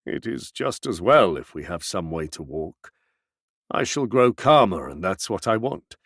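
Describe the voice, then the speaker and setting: A grim man bent on execution, speaking in an awful, choked voice, as a male reader plays him. The voice is gravelly and swings widely in pitch. The sound is dry and close. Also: very animated, unhurried, fairly bright tone, dry recording, heavily acted.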